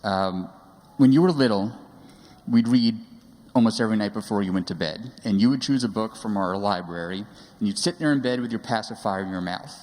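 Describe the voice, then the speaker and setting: A man's voice: lowish voice, a little mellow. A man in his forties, a father telling fond stories about his daughter, with hesitant fillers along the way. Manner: halting, with fillers, fond storytelling. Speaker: parent giving a speech. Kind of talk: personal storytelling speech. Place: large sanctuary. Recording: long reverb of a large hall.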